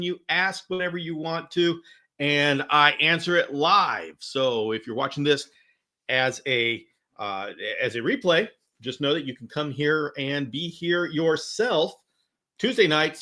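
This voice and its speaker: A man hosting a casual live-stream Q&A, chatting and greeting viewers by name with bursts of excitement. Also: a little high. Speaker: host of a live chameleon Q&A.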